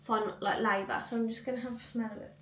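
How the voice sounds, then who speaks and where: A woman's voice: on the high side, steady tone, fast, fairly bright tone, reverberant, distant mic, slight background noise. A young woman vlogging in casual chat at home, rambling, with lots of likes and ums. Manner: chatty, rambling, many fillers. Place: cluttered home room.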